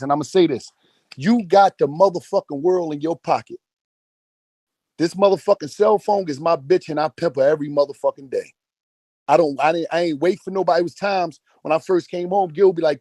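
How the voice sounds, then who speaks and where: Man in his forties, rapid and raised, preaching hustle with relentless profanity. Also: a little high, mellow, no room sound. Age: 40s. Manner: profane, emphatic, repeats phrases for emphasis. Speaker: speaker in an online audio chat room. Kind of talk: motivational rant.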